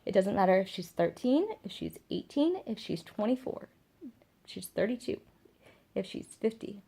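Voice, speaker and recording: A young woman vlogs straight to camera as a mother, speaking casually but with real conviction. Her voice sits in an ordinary middle pitch and often drops into a gravelly fry. She hammers home her points by repeating them. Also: expressive, normal speed, warm tone. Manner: earnest, emphatic, repeats points for stress. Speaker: mother vlogging about parenting.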